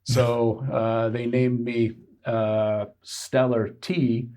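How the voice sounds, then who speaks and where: A man from Kansas, a guest on a podcast, telling stories in a halting way with many pauses and fillers. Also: medium pitch, level tone, mellow. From Kansas, United States. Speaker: guest hiker. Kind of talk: casual interview.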